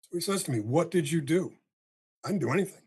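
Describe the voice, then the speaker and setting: An older man, a podcast guest, telling a long story in casual talk and acting out the dialogue with a husky voice. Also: fairly high pitch, fast talker. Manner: animated storyteller, acts out dialogue, swears casually.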